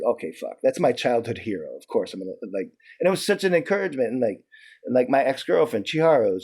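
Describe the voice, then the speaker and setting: A man being interviewed, telling stories in a loose, profane, animated way, with lots of restarts and "like". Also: mid-range voice, slightly rough. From New York. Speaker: interview guest. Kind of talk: casual storytelling.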